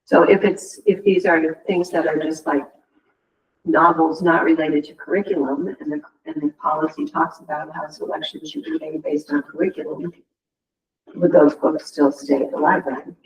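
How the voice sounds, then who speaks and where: A man on a committee presses with careful, hesitant questions in a fairly high voice. He is heard from a distance in an echoey room. A faint hum of background noise sits under him. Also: expressive, normal speed, gravelly. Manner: probing, hesitant, casual fillers. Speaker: committee member.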